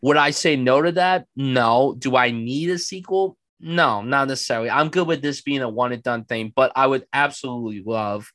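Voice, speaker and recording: A man chatting casually about a film he loves on a podcast, enthusiastic and animated. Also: mid-range voice, normal speed, few pauses, no echo. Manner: enthusiastic, animated, acts out quotes. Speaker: film reviewer.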